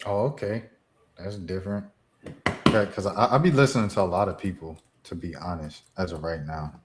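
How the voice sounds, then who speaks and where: A young man with a very low voice joins a podcast chat. He tosses out quick asides that trail off softly as he finishes them. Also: very noisy. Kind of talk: casual chat.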